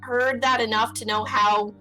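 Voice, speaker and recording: Bright-voiced woman streamer reading a game. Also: on the high side, soft background music, low-quality recording. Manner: expressive, swearing, quick reactions. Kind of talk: reading a story game aloud with commentary.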